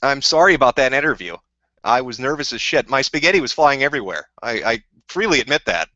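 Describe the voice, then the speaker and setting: A man's voice: medium pitch, lively intonation, quick pace, pushed and bright, no echo. A man on a live stream, answering viewer questions in a rambling, profane, combative rant. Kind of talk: casual ranting live stream. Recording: dull lo-fi dry sound.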